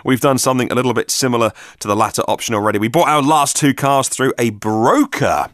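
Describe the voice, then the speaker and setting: A man's voice: mid-range voice, fast, fairly bright tone, no echo, studio quality. A man hosting a solo podcast, reading out listener messages with chatty, self-mocking asides. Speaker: podcast host.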